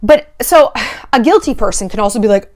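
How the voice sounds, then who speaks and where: A woman vlogger breaks down dating red flags in casual commentary. Her voice sits a little high and swings widely in pitch. She is sarcastic and profane, and often slips into mock voices for the people she quotes. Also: brisk. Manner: animated, sarcastic, swears freely.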